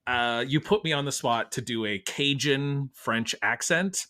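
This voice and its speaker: Bright-voiced wry podcast host. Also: male voice, mid-range voice, measured pace. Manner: wry, swearing, animated. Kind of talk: casual chat.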